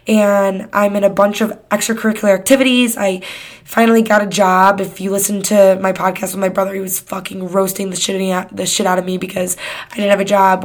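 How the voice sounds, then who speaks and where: A woman's voice: medium pitch, flat delivery, fairly quick. A woman of twenty-one hosting her own podcast, talking in a candid, rambling way and swearing often. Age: 20s. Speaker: podcast host. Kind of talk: casual solo podcast chat.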